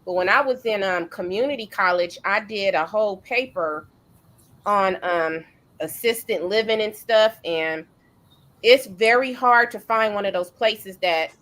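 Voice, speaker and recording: A woman's voice: medium pitch, unhurried. Middle-aged woman host just chatting, loose rambly storytelling, lots of ums. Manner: relaxed storytelling with fillers and restarts. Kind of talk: casual chat.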